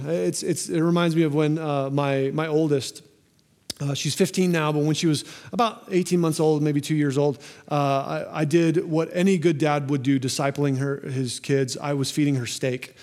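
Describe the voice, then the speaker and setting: A man in his forties preaching a sermon, acting out little quoted scenes with energy and closing in a quiet prayer. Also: fairly high pitch, fairly even intonation, moderate pace. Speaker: pastor.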